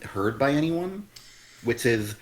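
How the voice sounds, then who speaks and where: A man's voice: mid-range voice, animated, takes it slowly, slight background noise. A man co-hosting a live comic review stream, ranting bluntly and with exasperation, swearing freely. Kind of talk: casual critical chat.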